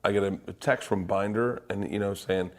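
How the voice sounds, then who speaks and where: A middle-aged man, a stand-up comic, chatting casually on a podcast. His speaking voice sits fairly low. When he gets animated, his pitch leaps up sharply. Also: fairly quick. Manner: excited, animated storytelling with jumps in pitch. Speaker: stand-up comedian.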